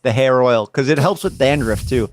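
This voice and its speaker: A man's voice: mid-range voice, moderate pace, a little hiss or hum. A man hosting a podcast in casual chat, joking and rambling with mock-tough banter. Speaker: podcast host.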